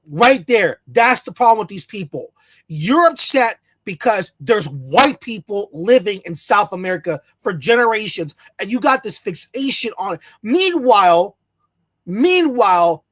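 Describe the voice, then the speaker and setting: Alone on camera in the United States, a fired-up channel host rants at a middling pitch, swearing freely and mocking opponents through sarcastic quoted asides. His heated, profane delivery is captured dry and close, slightly bright, with no room sound or echo.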